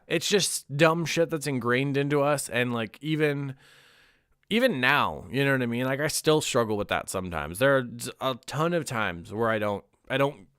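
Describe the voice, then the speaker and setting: A man's voice: medium pitch, fairly bright tone, smooth, dry recording, studio quality. A young man chatting casually on a livestream, candid and rambling, swearing now and then and laughing often. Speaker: streamer.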